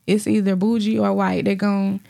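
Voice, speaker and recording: A woman's voice: mid-range voice, little pitch movement, moderate pace, creaky, mellow. A woman co-hosting a casual podcast, plainly explaining her view. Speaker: podcast co-host.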